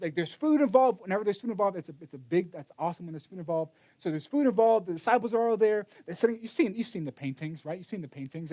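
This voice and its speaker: A man's voice: high-pitched, darkish tone. A man preaching a sermon in a casual storytelling way, acting out the quotes with many restarts. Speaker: pastor.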